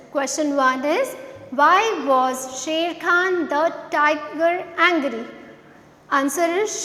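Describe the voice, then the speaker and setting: High-voiced woman teacher in an echoey room. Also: fairly bright tone. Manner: slow, spelling words out letter by letter. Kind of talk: classroom revision lesson. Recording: echoey room with long reverb.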